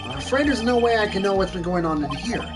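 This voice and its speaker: A woman's voice: medium pitch, expressive, quick pace, close to an everyday voice. A woman voicing a smug, arrogant male detective with an oily, self-satisfied drawl, over game music.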